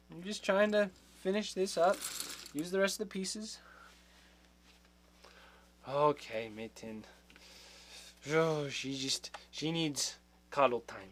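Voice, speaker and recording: A man's voice: on the high side, very animated, slow, long pauses, fairly bright tone. A man hosting a livestream, chatting casually with viewers, laughing often and trailing off mid-sentence. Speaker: livestream host.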